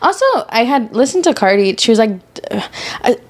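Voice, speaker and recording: A woman with a fairly high, very animated voice that swoops up and down as she talks. She co-hosts a podcast, gossiping in a loose, chatty way. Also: moderate pace. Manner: chatty gossip, many "like" fillers. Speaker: podcast co-host. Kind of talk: casual chat.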